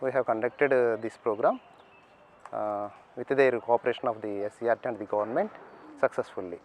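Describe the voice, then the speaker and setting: A man explains his school's program in a slow, halting way, often pausing mid-phrase. His pitch sits in the middle range. Faint outdoor noise is heard behind him. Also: fairly even intonation, a little mellow. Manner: halting, many fillers and restarts. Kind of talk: interview statement.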